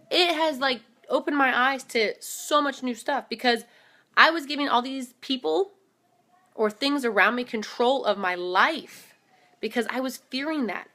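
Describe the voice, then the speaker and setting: A woman in her thirties giving an animated, casual motivational talk to camera, often calling her viewers "guys". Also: high voice. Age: 30s. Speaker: motivational vlogger.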